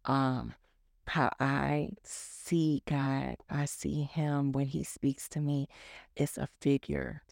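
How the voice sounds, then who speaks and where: A woman's voice: a bass voice, little pitch movement, takes it slowly, creaky, darkish tone, no echo, studio quality. A woman sharing a personal testimony as a church member, talking candidly and conversationally with frequent fillers. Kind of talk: personal testimony, casual storytelling.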